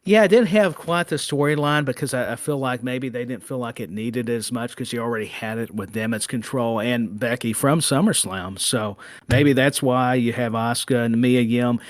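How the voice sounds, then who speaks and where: A man co-hosting a podcast, chatting casually about wrestling in an animated, joking way with many restarts. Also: medium pitch, normal speed, no room sound. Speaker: podcast co-host.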